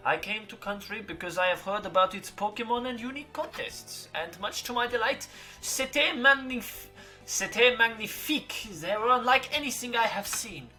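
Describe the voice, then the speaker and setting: Gamer doing a theatrical French lady teacher, fake French accent, high bright voice, faint music behind. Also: expressive. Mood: welcoming. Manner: theatrical, dramatic pauses. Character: flamboyant French woman ghost-class teacher.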